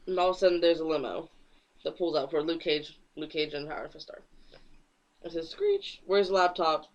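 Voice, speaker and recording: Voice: medium pitch, steady tone, a little fast, lo-fi sound. A podcast co-host recapping comic book plots in casual chat, acting out the quotes and laughing.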